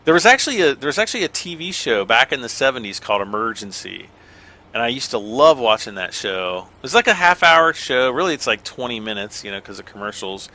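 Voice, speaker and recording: A man's voice: medium pitch, sharp tone. A middle-aged American man giving casual, rambling gameplay commentary, self-deprecating and chuckling often. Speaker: gaming channel host.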